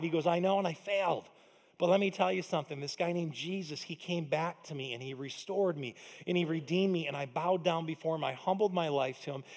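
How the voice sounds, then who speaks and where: A man's voice: high voice, a little mellow, big-room sound. A man preaching a sermon as pastor, conversational and emphatic, calling out questions to the audience. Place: church auditorium.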